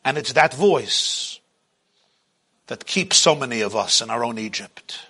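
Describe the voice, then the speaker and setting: A man teaching a religious class in an impassioned, dramatic way, swinging from loud to hushed. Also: medium pitch, expressive, a little slow, breathy edge.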